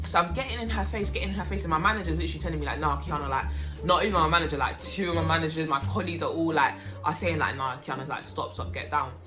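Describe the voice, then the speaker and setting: A young woman telling a story about her waitressing job in a casual, animated way, breaking into loud, high-pitched outbursts. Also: very fast, hardly any pauses. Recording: music playing behind.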